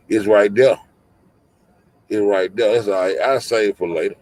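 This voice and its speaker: In a heated livestream rant, a man swears, picks fights and says the same things again and again. His voice is lowish and darkish at normal speed, with no echo.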